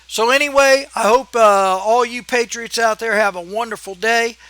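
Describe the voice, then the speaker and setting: Channel host, male, very high bright voice, dry close sound; heated scolding rant. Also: moderate pace, dry recording. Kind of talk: ranting political vlog monologue.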